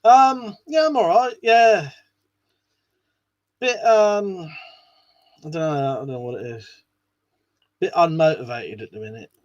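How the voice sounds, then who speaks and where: A man's voice: on the high side, animated, measured pace, pauses often, no echo, lo-fi sound. A man hosting a casual live stream, chatting to viewers in a rambling way and swearing now and then. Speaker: live stream host reading chat.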